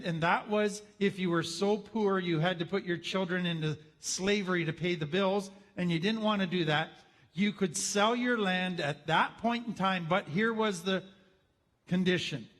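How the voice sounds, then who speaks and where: A man with a fairly high voice teaches in a relaxed, conversational way. He tells his story with wry, humorous asides, and his voice carries a long reverb from a large hall. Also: measured pace. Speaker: teacher on trauma.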